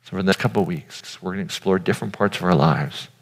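Quick and husky, a deep-voiced man preaches an earnest, conversational sermon to the audience before him, with long hall reverb on the recording.

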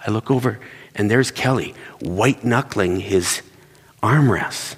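A man's voice: on the low side, a little slow, slightly rough, long reverb tail. A middle-aged man preaching in a church, telling personal stories and acting out the voices in them. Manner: animated storyteller acting out quotes. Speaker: pastor. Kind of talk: sermon storytelling.

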